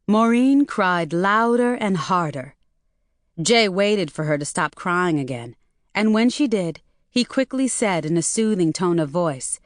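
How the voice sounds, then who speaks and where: A woman narrating a novel at a slow, measured pace. Her voice sits in the middle of a woman's range, and the recording is dry and close with no room sound. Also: on the low side, dry recording. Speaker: audiobook narrator. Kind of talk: scripted narration.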